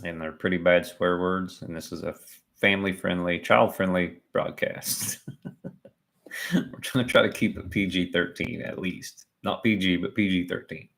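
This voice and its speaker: Deep-voiced joking man commenting live. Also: fairly even intonation, measured pace, gravelly, a bit bright. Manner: chatty and joking, laughs at himself. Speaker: livestream commentator.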